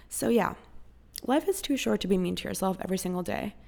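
A woman's voice: medium pitch, expressive, fast, gravelly, darkish tone. A young woman from Costa Rica hosting a podcast, giving casual motivational advice in a frank, profane, pep-talk manner. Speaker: podcast host.

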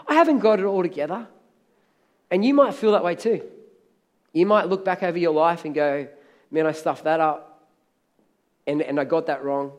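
A man preaching a sermon in a church, emphatic, repeating key phrases and calling out for amens from the congregation. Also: high voice. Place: church hall.

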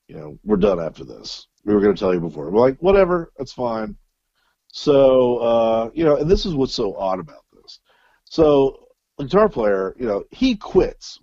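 In casual storytelling as an interview guest, a male musician spins a long, profane tale packed with fillers and restarts. He speaks in a mellow, sing-song, mid-range voice at a moderate pace, captured in a dry, muffled recording.

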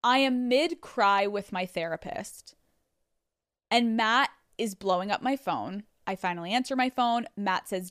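A woman in her thirties hosting a podcast, telling a story on her own in a lively, cursing way and acting out what people said. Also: medium pitch, measured pace, no echo, clean studio sound. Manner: animated, swearing, acting out quotes. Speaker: podcast host. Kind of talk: solo storytelling to listeners. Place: studio.

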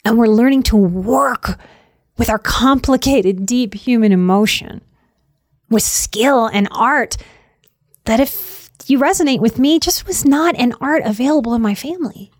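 A middle-aged woman hosts a reflective podcast talk on anxiety, speaking earnestly with repeated emphasis and the occasional "y'all." Her voice is on the high side and a little slow, captured in a dry, studio-quality recording.

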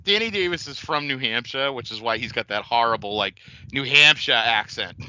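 Bright, animated man on a podcast. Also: medium pitch, clear, resonant tone, dry recording. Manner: animated, joking, quick to laugh. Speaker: podcast co-host. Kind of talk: casual podcast chat. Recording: slightly dull lo-fi recording.

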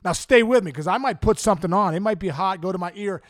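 A man's voice: sits high, quick pace, dry recording, studio quality, natural voice. A man voicing a stern middle-aged male baseball manager, explaining things step by step in a briefing tone. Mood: instructive.

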